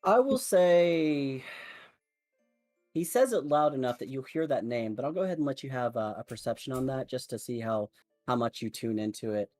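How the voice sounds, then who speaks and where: A man narrating as game master of a tabletop role-playing game, speaking slowly and deliberately with some fillers. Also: mid-range voice, animated, a little mellow, dry recording, faint music behind.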